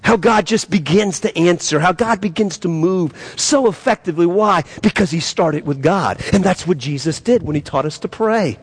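Speaking at normal speed with few pauses, this pastor has a slightly rough voice. His impassioned sermon asks the congregation pointed questions, and he gets louder and higher in pitch as he fervently reads prayers.

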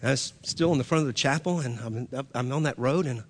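A man's voice: mid-range voice, brisk, breathy edge. A man preaching a sermon as pastor, earnest, often repeating himself and restarting phrases. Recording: long hall reverb.

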